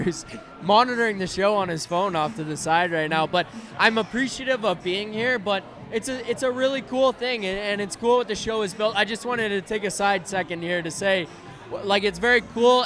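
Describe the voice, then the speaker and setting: Chatty high-voiced male host. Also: fairly bright tone. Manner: casual, chatty, filler-heavy. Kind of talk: live post-game chat. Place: bar during live show.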